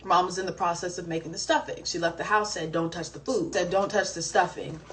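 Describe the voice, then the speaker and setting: A young woman from the American South telling a story in a casual, animated and dramatic way. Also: on the low side, fast. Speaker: singer on a livestream. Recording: distant mic, faint background noise.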